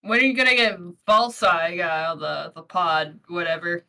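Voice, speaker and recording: A woman's voice: fairly low pitch, lively intonation, normal speed, bright, forceful tone. A woman co-hosting a podcast, blunt and crude in casual chat. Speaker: podcast co-host.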